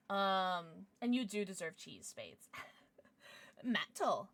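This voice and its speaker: A woman's voice: medium pitch, big pitch swings, unhurried, sharp tone, dry recording. A young adult woman streaming, chatting casually with viewers in a bubbly way, gasping and squealing as she reacts. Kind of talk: casual livestream chat.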